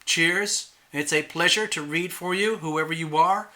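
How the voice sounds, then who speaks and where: Bright-toned chatty male host. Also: a little high, unhurried. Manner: chatty, playful, self-admittedly nervous. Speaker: tarot channel host. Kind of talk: casual solo livestream talk.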